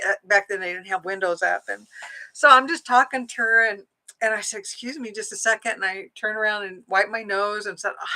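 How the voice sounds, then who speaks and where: Woman, middle-aged, bright and pushing tone, casual storyteller who acts out quotes. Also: on the high side, low-quality recording. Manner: chatty, animated, acts out quoted lines. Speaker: psychic medium telling a personal story.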